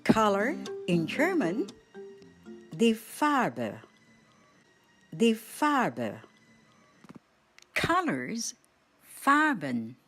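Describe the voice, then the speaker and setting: Slow, lively-voiced woman teaching words. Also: on the high side, faint music behind. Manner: slow, deliberate, repeats each word clearly. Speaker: language teacher. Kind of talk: radio language lesson.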